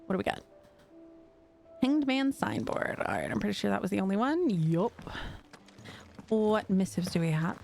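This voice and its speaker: A woman's voice: mid-range voice, big pitch swings, normal speed, vocal fry, long pauses, a little mellow, soft background music. A woman streaming a video game, chatting casually, laughing often and talking sweetly to her pets. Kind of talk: casual live-stream chat.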